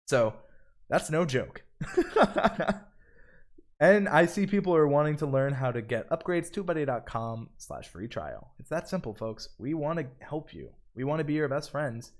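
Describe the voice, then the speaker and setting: A man hosting a live stream tutorial, upbeat, reading viewer comments aloud between explanations. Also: mid-range voice. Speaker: livestream host. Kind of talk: live stream tutorial with chat shout-outs.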